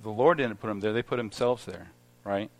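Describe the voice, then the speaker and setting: A middle-aged man leads a casual Bible study, stumbling through restarts and fillers as he talks. His voice sits a little low. He reads scripture aloud, then unpacks it in plain conversational speech. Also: a little mellow. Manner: halting, many restarts and fillers. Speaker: lay preacher at a Bible study. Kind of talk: informal Bible teaching.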